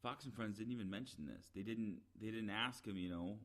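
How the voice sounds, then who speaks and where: Lower-voiced man on an exasperated rant. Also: moderate pace, few pauses. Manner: rambling, frequent "uh" fillers and restarts. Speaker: podcast commentator. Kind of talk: opinionated solo commentary.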